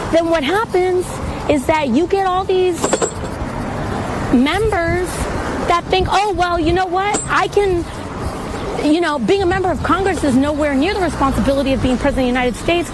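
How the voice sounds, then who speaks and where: A woman's voice: extremely high pitch, moderate pace, noisy background. A woman talking earnestly into earbuds while riding a scooter or bike outdoors, in a played clip.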